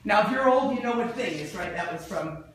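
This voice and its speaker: A man giving a lively, joking seminar talk to an audience, quizzing them with fill-in-the-blank questions. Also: high voice, a little fast, crowd noise. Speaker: sales trainer. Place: large indoor room with an audience. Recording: echoey hall from far off, faint noise.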